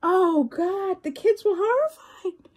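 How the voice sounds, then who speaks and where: A woman's voice: extremely high pitch, animated, takes it slowly, a little mellow. A woman with a New York accent chatting casually to viewers as a crafting vlogger, rambling and laughing often.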